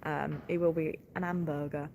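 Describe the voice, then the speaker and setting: A woman's voice: low-pitched, flat delivery, normal speed, gravelly, darkish tone, a little hiss or hum. A tired woman, a livestock farmer chatting casually on a live stream, giggling often and filling gaps with ums. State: tired, short on sleep.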